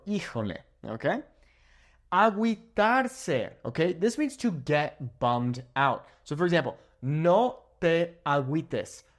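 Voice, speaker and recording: A man teaching Spanish phrases in a casual lesson, slowing down for examples and checking in with "okay?" after each one. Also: on the high side. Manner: slow, careful when saying example phrases.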